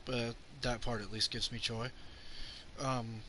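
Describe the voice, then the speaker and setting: A man's voice: medium pitch, flat delivery, a little slow, pushed and bright, a little hiss or hum. A young man ranting sarcastically about a film on his channel, swearing often and mocking characters' lines as he retells scenes. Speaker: channel host reviewing a film. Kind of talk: rambling profane movie rant.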